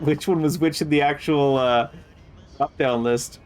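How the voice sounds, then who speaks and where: A man's voice: a little high, steady tone, a little slow, soft background music. A man streaming a video game, giving casual commentary with wry, offhand asides.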